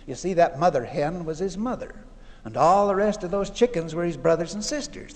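Male storyteller, high voice, folksy parable, reverberant hall recording. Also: a little fast, a little hiss or hum. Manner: folksy storyteller, voices characters with lively rises. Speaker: church leader telling a parable. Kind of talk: recorded conference talk, storytelling.

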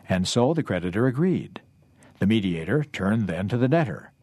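A man reading a parable aloud for a lesson in a measured, even way. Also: lowish voice, no echo. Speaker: reader of a lesson text.

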